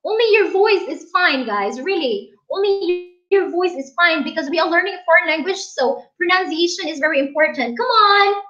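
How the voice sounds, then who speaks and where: A woman's voice: very high-pitched, lively intonation, normal speed, hardly any pauses, fairly bright tone. A woman hosting a casual livestream, chatting, laughing and reading viewer comments aloud. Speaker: livestream host. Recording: dull lo-fi stream audio.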